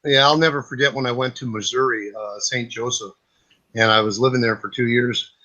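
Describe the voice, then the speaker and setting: Man, bright forceful voice, jokey storyteller, swears freely. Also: medium pitch, fairly even intonation, brisk, lo-fi sound. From Minnesota. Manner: jokey, swears, laughs at own stories. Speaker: chat participant. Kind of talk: casual storytelling.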